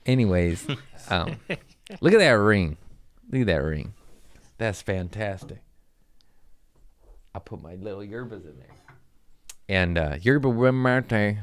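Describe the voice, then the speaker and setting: A podcast host with a low-sitting voice tells loose, jokey stories from home, chatting casually with swearing and trailing asides. The recording is dry.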